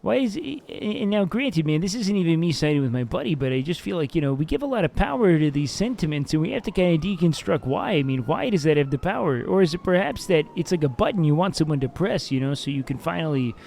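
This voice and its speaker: A man in a roleplay calmly questioning two arguing characters, probing and often saying "man". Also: on the high side, quick pace, creaky, hardly any pauses, slight background noise. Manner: calm, probing, says "man" a lot. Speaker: mediator in a roleplay dispute.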